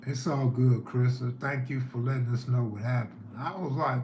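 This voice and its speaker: A man's voice: medium pitch, moderate pace, darkish tone, echoey room, a little hiss or hum. A man hosting a live stream, telling neighborhood stories in a laid-back way and reading chat aloud.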